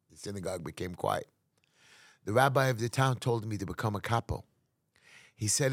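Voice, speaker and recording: A man's voice: medium pitch, animated, a little fast, gravelly, breathy edge, no echo, clean studio sound. A man, a community activist guest telling a story dramatically in an interview, emphatic and acting out quotes. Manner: emphatic, acts out quotes, restarts often.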